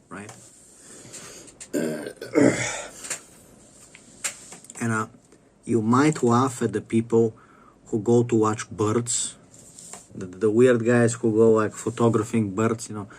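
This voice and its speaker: A man delivers a profane monologue to camera at an unhurried, dragging pace. He rambles and restarts often, and swearing runs through nearly every sentence. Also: medium pitch, a little mellow. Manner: rambling, stop-start, heavy swearing. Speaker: vlogger.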